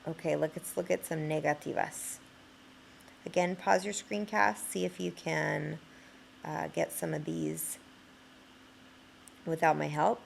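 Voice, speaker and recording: Gravelly-voiced woman teaching a screencast lesson. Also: low-pitched, steady tone, unhurried, long pauses, slight background noise. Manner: explains patiently with frequent fillers. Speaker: Spanish teacher.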